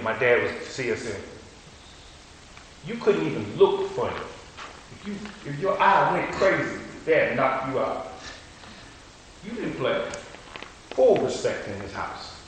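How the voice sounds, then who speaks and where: A man preaching a sermon, telling stories in a colloquial, animated way. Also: medium pitch, measured pace, long pauses, slight background noise. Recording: echoey hall.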